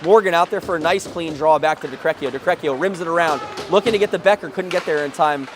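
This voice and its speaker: High-voiced man calling a hockey game. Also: background noise. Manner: rapid, excitable calls that rise sharply at big plays, joking asides. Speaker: play-by-play commentator. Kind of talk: live hockey play-by-play.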